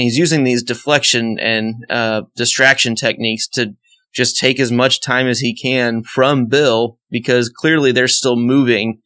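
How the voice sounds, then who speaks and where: A man co-hosts a podcast as a first-time reader, chatting casually and animatedly. He laughs often and acts out quoted lines, swearing some. His voice is medium-pitched at a measured pace.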